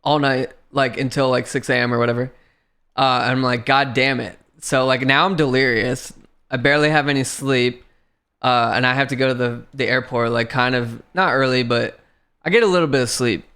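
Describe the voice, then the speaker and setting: A young man tells a frustrating story on a livestream in a casual storytelling chat, swearing often and laughing as he animatedly retells it. His mid-range voice is smooth and a little fast.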